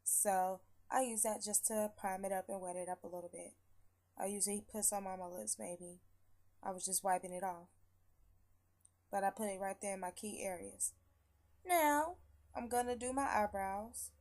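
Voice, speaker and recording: A young woman vlogger, chatty and rambling, swearing freely as she gives shout-outs and walks through her everyday makeup routine at home. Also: medium pitch, moderate pace. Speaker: beauty vlogger. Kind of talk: casual makeup tutorial. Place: at home after work.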